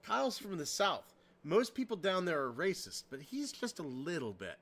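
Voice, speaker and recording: A man's voice: high-pitched, wildly swooping pitch, moderate pace, fairly bright tone. A man hosting a casual podcast at his home computer, cracking crude jokes and poking fun at himself. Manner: crude, joking, self-deprecating. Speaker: podcast host.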